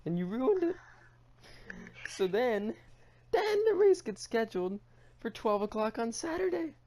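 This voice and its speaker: A man's voice: very high voice, sing-song, measured pace, darkish tone. A man co-hosting a podcast, ranting theatrically with heavy swearing and mock crying. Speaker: podcast co-host. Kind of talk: casual comedic rant.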